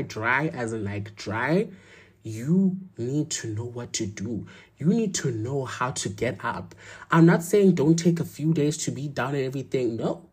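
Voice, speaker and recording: A woman's voice: low-pitched, dark tone, breathy edge. A young woman giving a blunt, emphatic motivational talk, repeating her points and swearing for force. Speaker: motivational vlogger.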